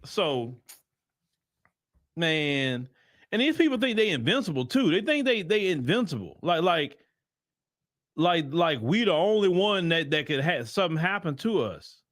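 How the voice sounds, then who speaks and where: A man's voice: a little high, big pitch swings, measured pace, fairly bright tone, no room sound, clean studio sound. A man hosting a livestream commentary, talking in a heated, rambling way full of repeated restarts. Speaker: host and commentator.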